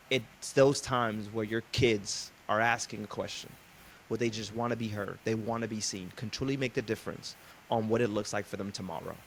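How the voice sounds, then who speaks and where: A man's voice: mid-range voice, slight background noise. A middle-aged man hosting a podcast interview, talking in an earnest, casual way with fillers, and telling stories. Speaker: podcast host.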